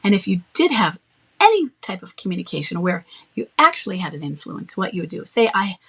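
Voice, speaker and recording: A woman's voice: medium pitch, big pitch swings, brisk, husky. A woman coach giving advice in a firm, matter-of-fact way, acting out short bits of dialogue. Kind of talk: advice talk.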